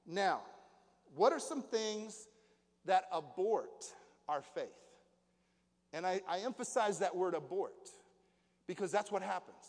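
A middle-aged pastor preaching to his congregation in a folksy way, asking them questions as he goes. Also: high voice. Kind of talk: sermon. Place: church hall. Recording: long hall reverb.

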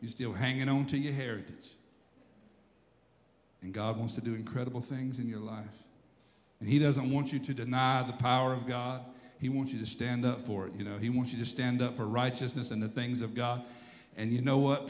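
A man preaching a sermon as pastor, animated, shouting and acting out quotes, now and then laughing at himself. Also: mid-range voice, a little fast, big-room sound. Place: church sanctuary.

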